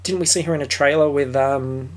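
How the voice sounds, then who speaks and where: A man's voice: on the high side, fairly even intonation, a little fast, soft background music. Rambling man chatting on a film podcast. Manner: rambling, many fillers and restarts, swears casually. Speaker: podcast co-host. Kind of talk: casual film review chat.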